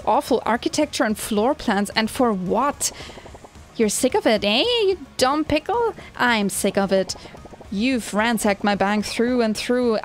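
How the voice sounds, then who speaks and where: A woman's voice: on the high side, close to an everyday voice. A woman reading the lines of a greedy bank-owner villain in a video game, boastful and sneering.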